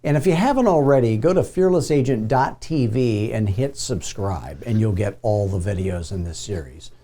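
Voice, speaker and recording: Middle-aged man, real estate coach, mellow voice, casual storytelling, acts out dialogue. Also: fairly low pitch, animated, moderate pace. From Phoenix, Arizona. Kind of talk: motivational video talk with storytelling.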